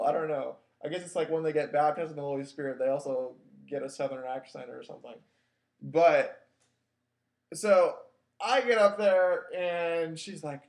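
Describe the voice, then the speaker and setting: Wry storytelling man, slightly high voice. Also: a little mellow. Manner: wry, self-mocking, loose with many "like"s. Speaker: podcast host. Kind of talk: casual storytelling. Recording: echoey room.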